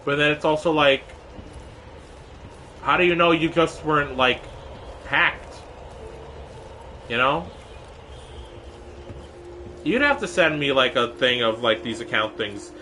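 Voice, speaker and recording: A man's voice: fairly high pitch, expressive, takes it slowly, pauses often, pushed and bright, slight background noise. A young man streaming live, chatting casually and rambling in an exasperated way, full of fillers and restarts, sometimes mock-angry at a viewer.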